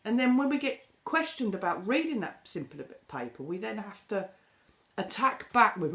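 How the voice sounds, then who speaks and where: A woman's voice: medium pitch, expressive, normal speed, a bit bright. Exasperated British woman ranting. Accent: British English. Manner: exasperated, sarcastic storytelling with acted-out quotes. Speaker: vlogger. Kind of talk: casual chat, ranting. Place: home kitchen.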